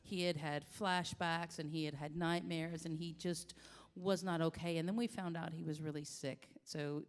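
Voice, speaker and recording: A woman in her forties, a singer-songwriter, telling a personal story in a halting, heartfelt way with many restarts. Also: low voice, steady tone. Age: 40s. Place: coffee shop. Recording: long reverb, echoey room.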